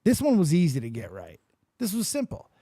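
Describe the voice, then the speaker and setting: A man with a high, lively voice rants animatedly through casual podcast chat, swearing freely. His voice swoops up and down. The sound is dry and close. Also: fairly quick, no echo. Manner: profane, animated ranting. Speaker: podcast host.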